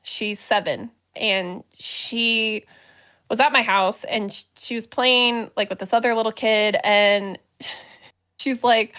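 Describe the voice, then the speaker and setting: A woman's voice: on the high side, fairly even intonation, takes it slowly, sharp tone, clean tone. A woman co-hosting a casual podcast chat, telling stories with frequent giggles. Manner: giggly, storytelling. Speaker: podcast co-host.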